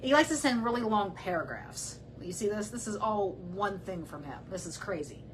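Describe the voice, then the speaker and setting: A woman's voice: medium pitch, animated, normal speed, background noise. Blunt, heated woman commentator. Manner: blunt and heated, talks back to the person she discusses. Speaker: true crime channel host. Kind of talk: casual commentary while reading messages aloud.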